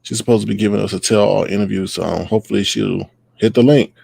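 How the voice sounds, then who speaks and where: Gravelly-voiced male livestream host. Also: lowish voice, fairly even intonation, fast, a little mellow, dry recording. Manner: greets viewers by name, playful and loose. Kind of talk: casual livestream chat.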